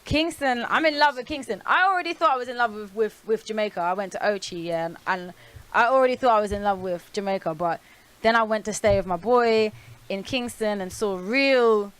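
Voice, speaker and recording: A young woman from North London with a London accent, chatting candidly as a radio guest, animated and swearing freely. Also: medium pitch, fairly quick, smooth. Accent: London English. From North London, England. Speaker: guest performer. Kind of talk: casual interview chat.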